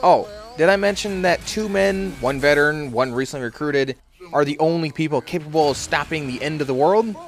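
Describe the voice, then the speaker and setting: A man reads his film review from a script, his voice a little higher than most. He stays wry and sarcastic throughout, with an ironic lift on his jabs. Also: fairly quick, faint music behind.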